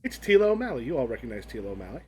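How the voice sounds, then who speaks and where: A man's voice: medium pitch, very animated, racing, a little mellow. A man running a tabletop game as game master, rambling and restarting as he describes the scene. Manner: rambling, many restarts and fillers.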